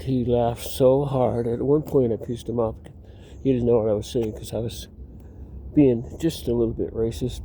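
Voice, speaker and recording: A man speaking outdoors in a deep, mellow, very dark voice, drifting from one personal story to the next. He talks slowly and loosely, restarting sentences and chuckling at his own anecdotes. Faint traffic hums in the background. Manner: meandering, self-interrupting, laughs at own stories. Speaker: vlogger.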